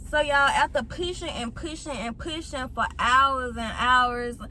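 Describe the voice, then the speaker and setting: A young woman in her late teens, a vlogger chatting straight to her viewers through a phone mic as she retells a long personal story with lively feeling. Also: high-pitched, unhurried, slight background noise. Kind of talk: casual storytime.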